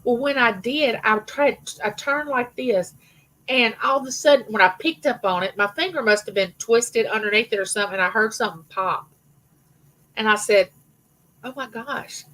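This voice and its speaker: This middle-aged livestream host talks loosely with her audience, calling out viewers by name as she rambles through anecdotes from her life. She speaks at a moderate pace in a highish, bright voice with a forceful edge, recorded on poor audio.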